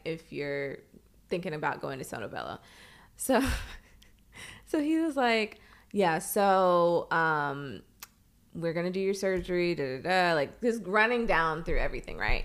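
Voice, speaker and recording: A woman's voice: on the low side, a bit bright. A young adult woman co-hosting a podcast, telling a personal story in casual chat and laughing often. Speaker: podcast co-host.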